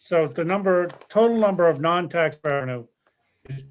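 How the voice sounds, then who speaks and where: Man, town administrator, slightly high voice, measured, hesitant, budget report at a council meeting. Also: animated. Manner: measured, reads out numbers with hesitations.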